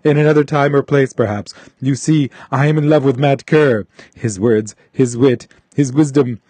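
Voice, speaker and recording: A man's voice: mid-range voice, fairly even intonation, normal speed, mellow, husky, dry recording, natural voice. A man voicing a prim, devoted teenage girl editor from a listener's letter. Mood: wistful.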